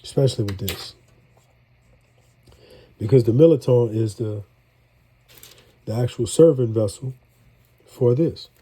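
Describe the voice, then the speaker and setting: Congested, dark-voiced man with a New drawl. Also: mid-range voice, a little slow, long pauses, husky. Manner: folksy, rambling, chatty with viewers. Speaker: home cook. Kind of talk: casual cooking vlog.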